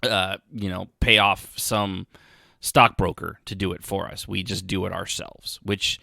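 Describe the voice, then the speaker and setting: A man's voice: fairly low pitch, vocal fry, bright, forceful tone, no echo, studio quality. A man hosting a podcast, rambling through casual commentary with sarcastic asides and frequent restarts. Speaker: podcast host.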